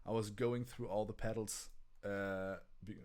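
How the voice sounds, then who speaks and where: A man's voice: lowish voice, steady tone, unhurried, darkish tone. A man with a German accent co-hosting a casual live stream about guitar gear, talking with many restarts and stammers. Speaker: co-host.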